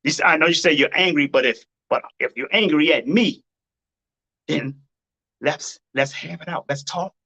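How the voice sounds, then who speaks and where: A man's voice: fairly high pitch, normal speed, bright, forceful tone, rough recording. A man hosting a live-stream advice talk, blunt and preachy, hammering his points by repeating them. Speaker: dating advice host.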